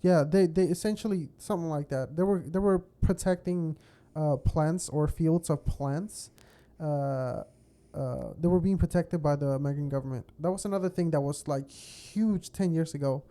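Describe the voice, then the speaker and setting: A man's voice: fairly high pitch, normal speed, hardly any pauses, mellow. A young man from California co-hosting a podcast, chatting casually and rambling with frequent swearing. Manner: rambling, swears a lot, laughs often. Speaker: podcast co-host. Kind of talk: casual chat.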